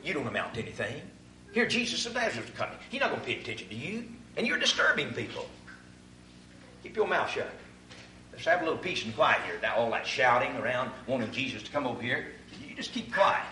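A man preaching voices a dismissive bystander who hurriedly shushes a beggar, quieter and quicker than his own delivery, in an echoey room with the mic at a distance. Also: medium pitch, sing-song, a little hiss or hum, pitched below the performer's own voice. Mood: scornful hushing. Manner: hurried, scornful hushing.

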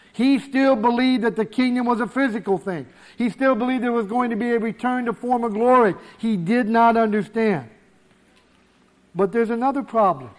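A man preaching a sermon, emphatic, slowing down to stress key words. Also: sits high, a little mellow.

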